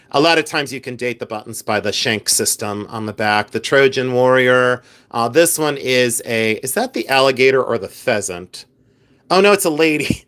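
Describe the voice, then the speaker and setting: A live stream host and reseller chats directly to his viewers in a casual, rambling way, full of fillers and restarts. His mid-range voice is fairly bright and clean.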